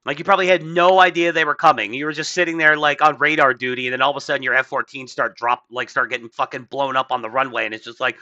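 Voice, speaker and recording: Bright-voiced man riffing casually. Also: mid-range voice, fairly even intonation, fast, few pauses, no room sound, lo-fi sound. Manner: rambling, swearing, mocking voices. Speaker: podcast host. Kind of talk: casual political chat.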